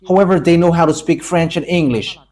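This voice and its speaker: A man's voice: fairly high pitch, fairly quick, darkish tone. A man from Madagascar, preaching a sermon in emphatic, declamatory bursts. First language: Malagasy.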